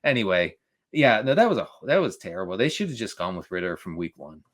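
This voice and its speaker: Stammering, laughing fantasy football co-host man. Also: lowish voice. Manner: stammering restarts, quick laughs, animated. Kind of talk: casual podcast chat.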